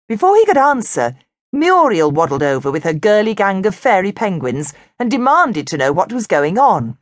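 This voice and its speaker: A woman narrating a children's storybook in an animated, expressive way. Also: medium pitch, moderate pace, dry recording, clean studio sound. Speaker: audiobook narrator.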